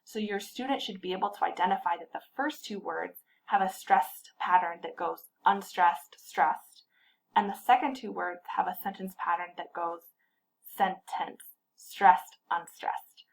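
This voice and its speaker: Woman explaining a tutor tip, calm and clear, says example words slowly and carefully. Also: mid-range voice, poor audio. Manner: clear, patient teacher modeling word stress slowly. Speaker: literacy tutor trainer.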